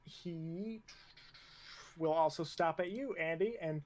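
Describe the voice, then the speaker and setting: A young man runs a tabletop game as its game master. His voice sits fairly high, and he slips between plain narration and a drill instructor's barked lines. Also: slow pace.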